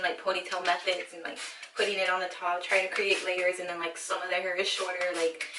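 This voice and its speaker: A woman's voice: mid-range voice, far from the mic, background noise. A young woman filming herself as she cuts her own hair, nervous and emotional, swearing freely and sometimes dropping to a whisper. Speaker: beauty vlogger and hairstylist. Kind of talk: casual vlog, talking to camera while cutting her hair. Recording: echoey room, slightly off-mic.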